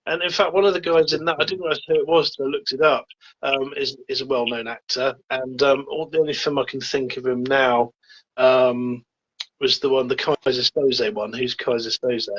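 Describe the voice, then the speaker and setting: A man's voice: mid-range voice, fairly even intonation, normal speed, slightly rough. A man chatting casually about films as a co-host, hesitant and full of fillers. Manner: hesitant, many fillers and agreeing yeahs. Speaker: podcast co-host. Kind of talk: casual film chat. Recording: dull lo-fi sound.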